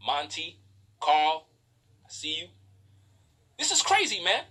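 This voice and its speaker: A man's voice: fairly high pitch, huge pitch swings, slow, sharp tone, slightly rough. A man preaching a profane, emphatic livestream sermon to women, scolding and mocking them. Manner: preachy, profane, emphatic, mocks others in quoted voices.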